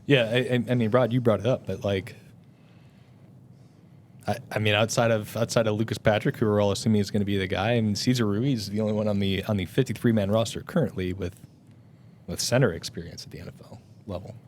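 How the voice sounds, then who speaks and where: A man hosting a casual sports podcast, talking in a halting way with many restarts and fillers. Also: lowish voice, steady tone, darkish tone, slight background noise. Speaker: podcast host.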